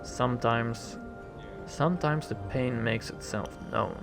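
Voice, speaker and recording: A man reading the lines of a calm, centuries-old woman from a role-playing game, in formal, measured phrasing. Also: medium pitch, gravelly. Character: calm ancient woman, gentle and composed. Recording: game music playing behind.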